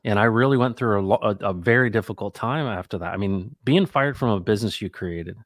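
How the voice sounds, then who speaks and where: A middle-aged man hosting a casual talk, reflective and animated, acting out the people in his stories. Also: on the low side, quick pace, no echo, clean studio sound. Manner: animated, acts out quoted dialogue; reflective, faith-minded musing. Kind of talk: casual conversational storytelling.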